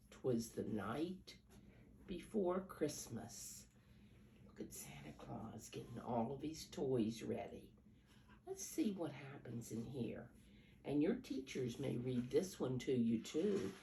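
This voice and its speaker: A woman's voice: extremely low pitch, vocal fry, warm tone. An older woman reading picture books aloud to small children in a coaxing, teacher-like way, counting along and asking them questions. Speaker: storyteller for preschoolers. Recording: roomy echo, mic at a distance, faint background hum.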